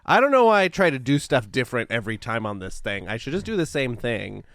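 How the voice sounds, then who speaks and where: A man's voice: mid-range voice, sing-song, fast talker, a bit bright, no room sound, clean studio sound. A man co-hosting a podcast, chatting casually and reading out a history segment, and laughing at himself as he goes. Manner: chatty, laughs at himself, reads lists of dates. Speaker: podcast co-host.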